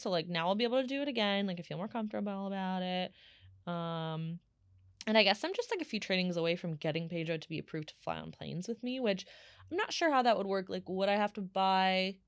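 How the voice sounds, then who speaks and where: A woman in her thirties hosts a solo podcast, chatting in an animated way and piling on fillers as she tells stories. Her voice sits lower and moves fairly quickly, and the sound is dry and close with no room echo.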